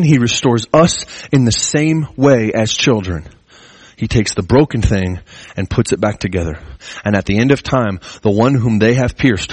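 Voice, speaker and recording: A man preaching a sermon in an earnest way, his pitch climbing as he presses his points. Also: breathy edge, dry recording. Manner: earnest, rising pitch when stressing a point. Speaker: pastor.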